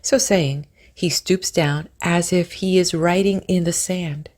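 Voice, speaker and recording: A woman narrates a book of spiritual wisdom in a slightly low voice. She reads with slow, reverent care, stretching her phrases and softening some lines almost to a whisper. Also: fairly even intonation. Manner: measured, drawn-out phrasing, dropping to a whisper at times. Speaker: audiobook narrator.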